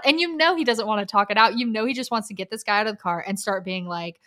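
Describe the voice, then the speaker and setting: A woman's voice: a little high, fast talker, hardly any pauses. A woman co-hosting a podcast, casually recapping a documentary and acting out the people in it as she tells it. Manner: animated storyteller, acts out quotes, swears casually. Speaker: podcast co-host.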